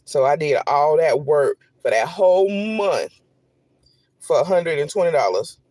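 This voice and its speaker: A man content creator telling an animated, repetitive storytime straight to his viewers. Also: on the high side, a little slow, no echo. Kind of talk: storytime vlog.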